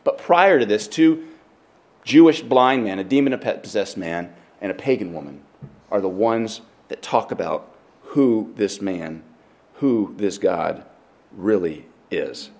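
A pastor preaching a sermon, working through scripture passage by passage and growing more animated as he tells a story, sometimes restarting his sentences. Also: fairly low pitch, takes it slowly, vocal fry. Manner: expository, animated when telling stories.

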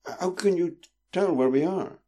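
A man's voice: high voice, measured pace, warm tone, voice pushed up. A man voicing a sleepy, irritable young boy in a storybook reading. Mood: curious. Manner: drowsy, irritable.

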